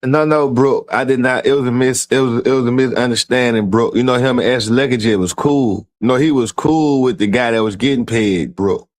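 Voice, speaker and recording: A man's voice: mid-range voice, moderate pace, few pauses. A man hosting a streamed show, reading out messages and mocking them in a profane, incredulous commentary. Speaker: show host.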